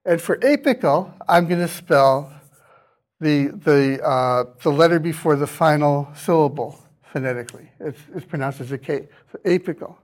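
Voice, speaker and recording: A man's voice: on the high side, normal speed. A man giving a classroom lecture, explaining step by step, voicing sample vowel sounds to show them and taking questions from students. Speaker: university lecturer.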